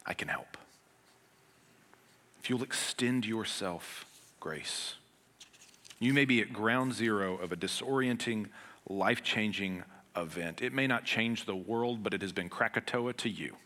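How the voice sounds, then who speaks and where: A pastor delivers a sermon in a lowish voice at normal speed. His manner is earnest and conversational, with everyday humor, and he shifts between loud, emphatic stretches and quiet ones.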